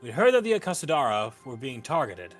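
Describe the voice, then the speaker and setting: A man's voice: mid-range voice, very animated, fast, soft background music. A man voicing a cautious, concerned warrior giving advice, as a fan reading of game dialogue.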